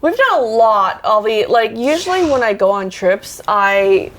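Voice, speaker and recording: A woman with a fairly high voice that leaps up and down co-hosts a casual chat from a hotel room. She talks loosely, swears freely, and laughs often. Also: measured pace. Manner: lively and profane, laughs often. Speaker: co-host.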